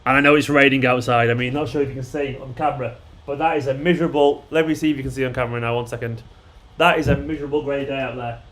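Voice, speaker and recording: A man from Manchester runs a fan channel's live watchalong, chatting and rambling while answering viewers' messages. He talks fast in a mid-range, slightly bright voice with fairly even intonation.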